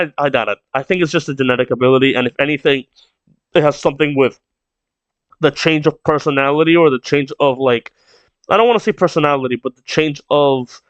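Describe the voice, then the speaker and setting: A man's voice: fairly high pitch, no room sound, lo-fi sound. A man reading a comic aloud and reacting, rambling and thinking aloud as he goes. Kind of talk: casual read-along reaction.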